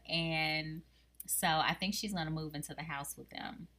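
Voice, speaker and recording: A woman co-hosting a casual podcast, chatting about a reality TV show in an animated way and laughing often. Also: sits low, normal speed. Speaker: podcast co-host.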